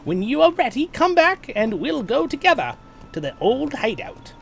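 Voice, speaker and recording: A man doing a bright-voiced young woman quest-giver from a fantasy game. She sits high and swoops a lot as she eagerly asks for help, with a faint hiss of noise underneath. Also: sing-song, moderate pace, creaky, heavily acted. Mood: earnest.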